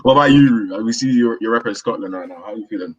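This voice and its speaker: A man with a low, husky voice hosts a casual football podcast over a remote call. He talks in an upbeat, rambling way and breaks into laughter easily. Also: racing, muffled recording. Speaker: podcast host.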